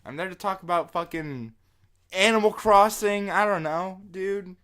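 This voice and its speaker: A young man co-hosting a casual podcast, telling stories in an animated way, swearing and laughing often. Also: sits high, normal speed. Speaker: podcast co-host.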